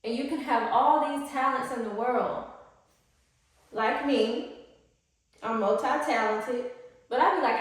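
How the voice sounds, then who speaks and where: Animated woman coach in echoey room. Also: a little slow, pauses often, recorded from a distance. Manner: animated, slangy, acts out high-pitched quotes. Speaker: spiritual life coach. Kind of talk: casual teaching to camera.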